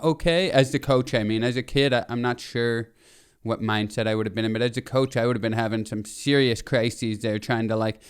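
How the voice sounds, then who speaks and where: A man's voice: medium pitch, fairly even intonation, brisk, smooth. A man in his thirties co-hosting a podcast, talking casually and animatedly, laughing often and rambling with restarts. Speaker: podcast co-host. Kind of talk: casual chat.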